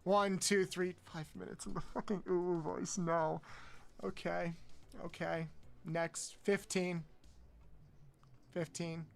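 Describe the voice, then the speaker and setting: A man streaming a game, counting aloud, swearing often and yelping high when frustrated. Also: flat delivery, slow, creaky, pauses often. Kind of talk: casual live-stream chat while playing.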